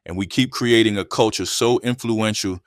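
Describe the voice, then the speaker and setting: A man's voice: on the low side, normal speed, no echo, clean studio sound. A man reading scripted commentary narration in a punchy, declarative way.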